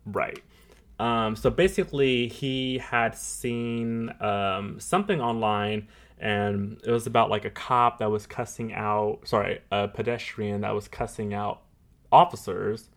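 Male podcast co-host, low-ish voice, relaxed rambling delivery with lots of "like". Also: measured pace. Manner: loose, filler-heavy, animated retelling. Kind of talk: casual podcast chat.

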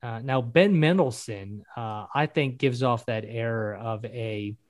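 A man's voice: mid-range voice, slow pace, no room sound. Rambling man, dry close sound. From American South. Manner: rambling, self-correcting, lively speculation. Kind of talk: casual podcast chat.

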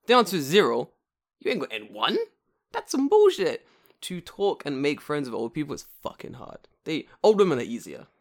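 Un hombre joven de Londres con acento londinense, que cuenta anécdotas en una charla informal, con muchas palabrotas y arrebatos de voz fuerte. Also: male voice, on the high side, normal speed. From England. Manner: profane, animated storytelling with sudden loud outbursts. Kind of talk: casual chat.

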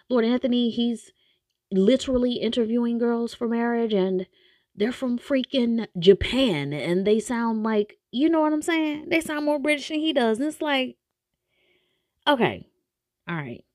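A woman's voice: on the high side, animated, unhurried, a little mellow, no room sound, studio quality. A woman hosting a podcast, ranting bluntly and with exasperation in casual opinionated commentary. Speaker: podcast host reviewing a TV series.

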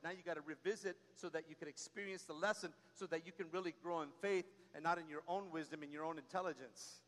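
High bright preacher man in echoing church. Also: fairly even intonation, fast, few pauses. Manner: preaching with call-and-response exhortation. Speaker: pastor. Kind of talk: sermon. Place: church sanctuary. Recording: long reverb of a large hall.

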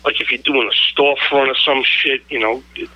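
A man's voice: medium pitch, fairly even intonation, fairly quick, lo-fi sound. A man, a graffiti-writer guest talking in a profane, rambling way and saying "you know" constantly. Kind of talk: casual chat.

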